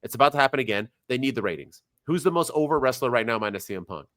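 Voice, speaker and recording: A man's voice: medium pitch, animated, very fast, a bit bright. A man co-hosting a casual wrestling podcast, talking animatedly and firing off questions at his co-host.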